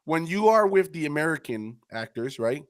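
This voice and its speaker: A man's voice: a little high, big pitch swings, moderate pace, no echo, studio quality. A man co-hosting a podcast in casual chat, searching for words with frequent restarts as he poses questions. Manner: searching, hesitant, full of restarts. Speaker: podcast co-host.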